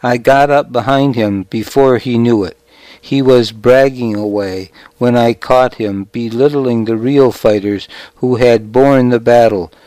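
A man narrating a novel in a measured, deliberate storytelling manner. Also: medium pitch, dark tone, no echo, poor audio. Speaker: audiobook narrator. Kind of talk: scripted narration.

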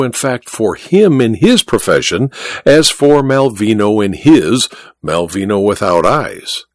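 Male narrator, expressive storybook reading, animated pitch, dry close mic. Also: dry recording. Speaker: audiobook narrator. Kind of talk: scripted narration.

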